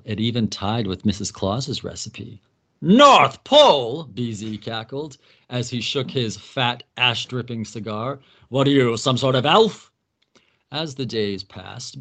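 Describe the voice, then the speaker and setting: A man's voice: mid-range voice, a bit bright. Man wryly recapping a plot.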